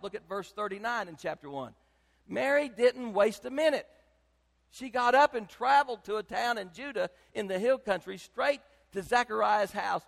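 An older man, preaching a sermon as pastor, emphatic and swinging between loud and soft. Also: very high-pitched, creaky, long reverb tail.

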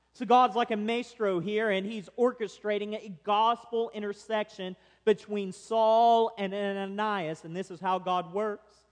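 A man preaching a sermon, shifting between loud emphatic lines and quiet, hushed ones. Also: sits high, in a large hall. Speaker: pastor.

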